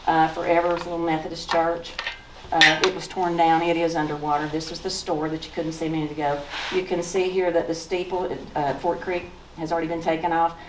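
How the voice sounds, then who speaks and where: A woman's voice: fairly low pitch, noisy background. A woman in her sixties from East Tennessee with a Southern accent, telling folksy stories as she walks through old photos in a museum talk. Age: 60s. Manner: folksy, storytelling, pointing at photos. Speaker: author giving a talk. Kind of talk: slideshow talk with personal memories. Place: museum lecture room. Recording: echoey room from far off.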